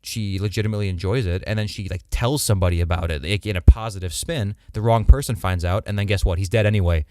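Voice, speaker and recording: Deep and mellow, this young male co-host speaks fast with few pauses, bantering casually on the podcast with lots of slang and fillers. The recording is clean studio quality, with no room sound.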